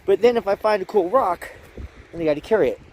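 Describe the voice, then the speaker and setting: A man's voice: high voice, animated, fast talker, a little mellow, a little hiss or hum. Tired, chatty hiker man outdoors. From Alaska. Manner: chatty, rambling, self-interrupting. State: a little tired. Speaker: hiking vlogger. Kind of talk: casual vlog narration. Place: outdoors on a mountain trail campsite.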